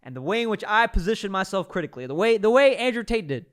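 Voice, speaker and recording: A young host with a fairly high voice reacts to a clip. He talks in an animated, slangy way and keeps up a running commentary. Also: fast.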